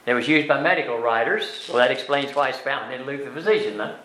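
An older man leading a Bible study class, explaining verses word by word in a plain, folksy way with many pauses and fillers. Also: medium pitch, a bit bright, a little hiss or hum. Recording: echoey room.

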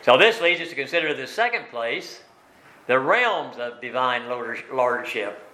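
A man's voice: medium pitch, animated, a little slow, bright, forceful tone. Guy teaching bible study, folksy, lots of uh's and isn't-it questions, roomy echo. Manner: asks rhetorical tag questions; plain folksy speech with frequent fillers. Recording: echoey room.

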